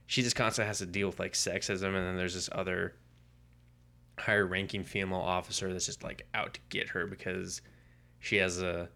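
Male podcast co-host, low gravelly voice, animated storyteller. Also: a little fast. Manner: animated storytelling, acting out quoted lines. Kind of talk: casual comic book podcast chat.

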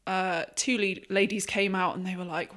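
A woman's voice: mid-range voice, steady tone, moderate pace, a bit bright. A young woman co-hosting a podcast, telling a self-deprecating story with lots of "um"s. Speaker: podcast co-host. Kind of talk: casual storytelling.

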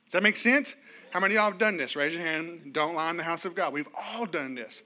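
High, bright-voiced pastor preaching. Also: male voice, fairly quick. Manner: animated, humorous storytelling with calls to the congregation. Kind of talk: sermon. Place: church.

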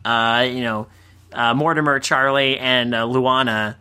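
A woman co-hosting a casual film discussion, animated and playful, with quick asides. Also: extremely low pitch, clean tone. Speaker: podcast co-host.

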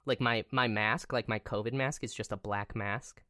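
A man's voice: fairly low pitch, fairly even intonation, moderate pace, sharp tone, no echo, clean studio sound. A young adult man co-hosting a podcast, chatting casually and rambling with lots of fillers and restarts. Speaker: podcast co-host. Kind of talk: casual chat.

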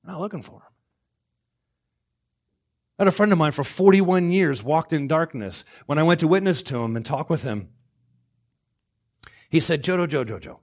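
Animated preaching pastor, man. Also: a little high, moderate pace, pauses often. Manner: animated, swings between loud outbursts and hushed lines. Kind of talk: sermon.

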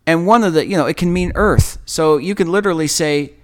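A man hosting a podcast, giving a reflective, earnest Bible teaching in a conversational way with emphatic pauses. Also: on the high side. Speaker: podcast host leading Bible study.

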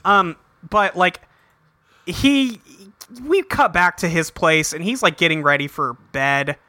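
A man's voice: a little high, takes it slowly, pushed and bright, no echo. A man co-hosting a podcast, recapping a TV episode in casual chat and rambling with lots of fillers. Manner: rambling, heavy "like" and "um", acts out characters in quotes. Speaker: podcast co-host.

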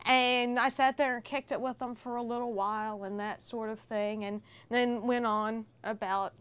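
A woman guest on a casual podcast, telling a story in a warm, animated way. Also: on the high side, normal speed, smooth. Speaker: film festival organizer guest.

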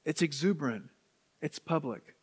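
A man, a priest, preaching a sermon with animated swings from hushed to exuberant. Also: fairly high pitch, normal speed, husky. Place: church sanctuary. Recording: long church reverb.

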